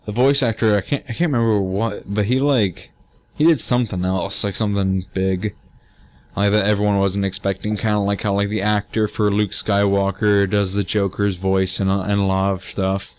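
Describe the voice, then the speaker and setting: A teenage let's play gamer gives casual gameplay commentary, sounding tired as he rambles with many fillers, restarts, and casual swearing. His lowish voice is flat and moves at a normal speed.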